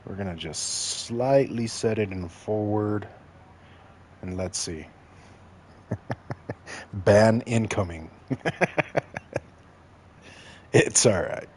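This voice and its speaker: A man's voice: lowish voice, very slow, long pauses, a little mellow. A man from Mexico giving casual, joking commentary while streaming a video game and talking straight to his chat.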